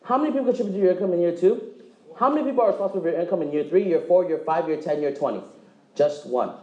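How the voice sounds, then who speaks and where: A man giving a motivational sales presentation, joking and quizzing the audience, acting out quick dialogues. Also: high-pitched, darkish tone, echoey room, dull audio. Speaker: presenter at a direct-sales meeting. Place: meeting room with live audience.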